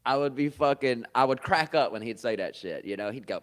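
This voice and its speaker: Male podcast host, casual cussing storyteller, animated bursts and laughter. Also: on the low side, normal speed. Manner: loose, swearing, laughs often, animated bursts. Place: comedy club.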